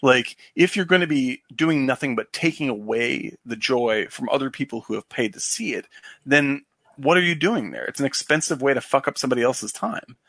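A man's voice: medium pitch, expressive, moderate pace, vocal fry, a bit bright, dry recording. Brief: man, podcast co-host, rambling and profane, dry close sound. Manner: rambling, profane, many fillers and restarts. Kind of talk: casual chat.

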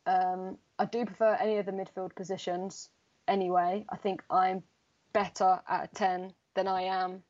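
A woman's voice: medium pitch, level tone, moderate pace, darkish tone, dull audio. A young woman, a footballer, chatting casually in an interview, rambling with lots of fillers. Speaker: footballer guest.

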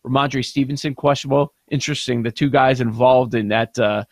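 A man's voice: mid-range voice, fairly even intonation, a little fast, no room sound, clean studio sound. A man hosting a casual sports betting chat, breaking down numbers and questioning the odds. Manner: analytical, questioning. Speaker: sports betting show host.

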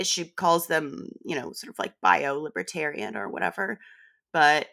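Female podcast guest, low voice, sardonic, quick laughs, casual chat. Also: fairly bright tone.

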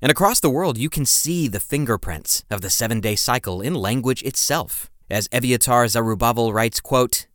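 A man's voice: mid-range voice, lively intonation, moderate pace, few pauses, fairly bright tone, no room sound, clean studio sound. A man hosting a podcast, reading scripted history narration in a dramatic, emphatic storytelling manner with playful asides. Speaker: podcast host.

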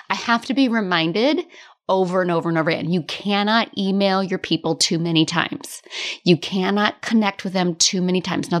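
Woman podcast host, casual solo monologue, candid and laughing, mid-range voice. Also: mid-range voice. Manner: chatty, candid, laughs often, occasional swearing. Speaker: podcast host and business coach.

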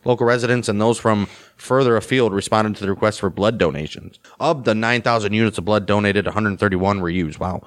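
Fast-reading male podcast co-host. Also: fairly low pitch. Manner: quick, joking asides. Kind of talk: reading history and casual chat.

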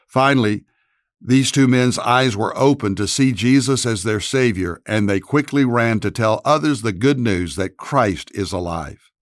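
A male pastor and host giving a scripted episode introduction in an earnest, measured way. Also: mid-range voice, no echo, studio quality.

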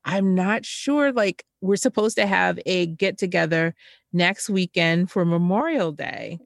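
A woman co-hosting a casual chat, chatty and animated, her voice jumping up when she stresses a point. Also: a little slow, vocal fry, no echo, clean studio sound. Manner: animated, chatty, jumps in pitch when emphatic.

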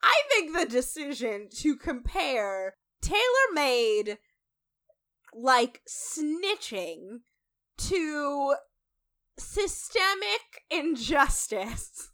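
A woman's voice: sits high, big pitch swings, very slow, bright, forceful tone. A woman co-hosting a podcast, chatting casually and emphatically about a reality show, swearing freely. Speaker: podcast co-host.

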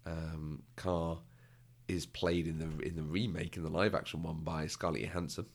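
This podcast co-host, a man from Britain, has a very deep voice with vocal fry, a level tone, and a moderate pace. He's chatty in this casual conversation, laughs a lot, and performs the quotes he tells.

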